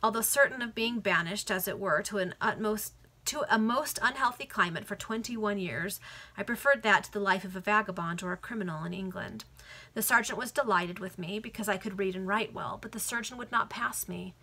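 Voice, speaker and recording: Bright-voiced woman reading a novel aloud. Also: medium pitch, a little fast. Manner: earnest reading with small self-corrections. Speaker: reader. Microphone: video call.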